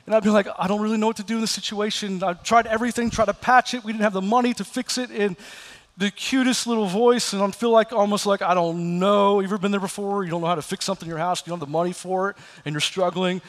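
Guy preaching in a church, fairly high voice, tells stories and does the voices, big hall echo. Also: fairly even intonation, fast talker. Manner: storytelling, acts out quoted voices. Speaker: pastor. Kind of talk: sermon. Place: church sanctuary.

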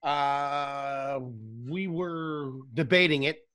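A man's voice: fairly high pitch, fairly even intonation, extremely slow, fairly bright tone, smooth. A man chatting over a video call as a podcast guest, laid-back and jokey, swearing casually. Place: apartment in Queens, video call.

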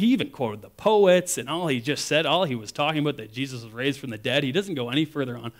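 A man giving a sermon as a guest speaker, telling stories in a casual, animated way and acting out quotes. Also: a little high, fast, few pauses.

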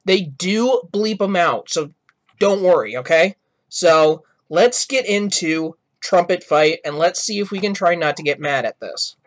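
Male channel host, casual reaction commentary, rambling and apologetic, lively swooping pitch. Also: a little slow. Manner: rambling, apologetic, self-correcting.

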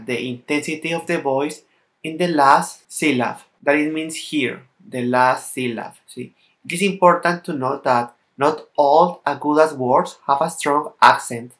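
Slow, bright-voiced man teaching a lesson. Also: on the high side. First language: Spanish. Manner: slow, careful, non-native English, reading out word lists. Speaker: Spanish teacher. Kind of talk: recorded language lesson.

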